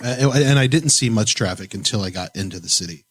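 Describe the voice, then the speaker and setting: A man's voice: lowish voice, animated, fast, breathy edge. A young man from Indiana co-hosting a podcast, telling stories in casual chat and laughing often. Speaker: podcast co-host.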